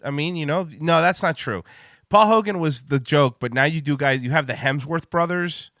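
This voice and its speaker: A middle-aged man hosts a loose, crude chat, rambling through restarts and blunt asides. His voice is bright and forceful. The sound is dry and close. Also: on the high side, moderate pace, dry recording. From Miami. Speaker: host. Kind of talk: casual podcast chat.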